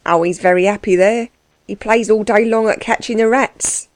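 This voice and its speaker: A woman's voice: mid-range voice, steady tone, normal speed, no echo, close to an everyday voice. A woman reading the part of a sly young male thief, talking in a matter-of-fact way, in a dry recording.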